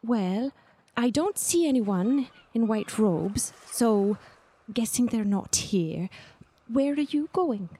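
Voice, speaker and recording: A woman's voice: fairly high pitch, lively intonation, takes it slowly, dark tone, slightly rough, voice pushed up, exaggerated voice. A woman voicing a nervous, polite young bird-person cleric who speaks hesitantly.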